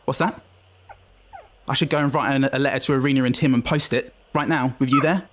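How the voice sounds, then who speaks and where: A man's voice: mid-range voice, fairly even intonation, brisk, noisy background, close to an everyday voice. A man voicing an earnest young male adventurer in his own voice, doting and polite. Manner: doting, talks fondly to his pet.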